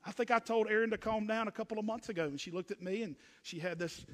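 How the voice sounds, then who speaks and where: High bright-voiced preacher in a hall. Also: male voice, fast talker, hardly any pauses. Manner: swings from loud emphatic preaching to low hushed asides. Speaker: pastor. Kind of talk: sermon.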